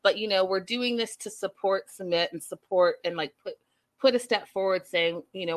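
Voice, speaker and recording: A woman with a medium-pitched voice speaks at a moderate pace, giving her viewers a sassy, opinionated recap of a reality show. It's casual reality TV commentary delivered straight to the audience.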